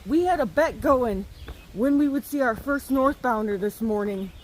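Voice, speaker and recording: A woman's voice: on the high side, lively intonation, normal speed, a little hiss or hum, natural voice, poor audio. A woman mimicking a grumbling male hiker who lost a bet, sounding mock-indignant, in her own slightly raised voice.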